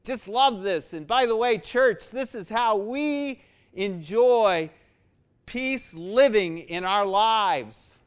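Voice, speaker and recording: A man's voice: high-pitched, takes it slowly, clear, resonant tone. A man preaching a sermon to his church, repeating words for emphasis and building in force. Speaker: pastor.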